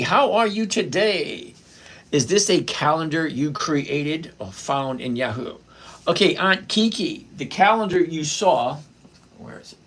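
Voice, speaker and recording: A middle-aged man runs a casual live stock-trading stream, greeting viewers by name and answering their questions as he reads chat. His voice is fairly high and a bit bright.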